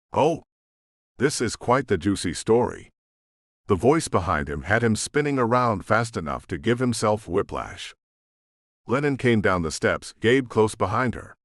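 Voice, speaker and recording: A male audiobook narrator with a fairly low voice, reading in measured storytelling with lively shifts of pitch. The recording is dry and close. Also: no room sound. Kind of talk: scripted narration.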